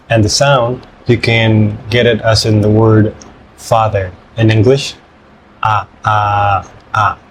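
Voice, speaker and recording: Slow, patient male teacher. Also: mid-range voice, slight background noise, rough recording. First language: Spanish. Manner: patient, repeats each syllable slowly. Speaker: Spanish teacher. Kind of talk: pronunciation lesson.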